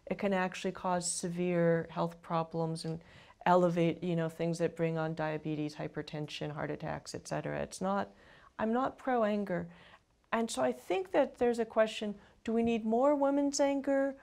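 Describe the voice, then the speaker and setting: A woman's voice: on the low side, steady tone, moderate pace, creaky, a little mellow. A woman in her fifties, an author being interviewed, speaking reflectively with frequent restarts and asides.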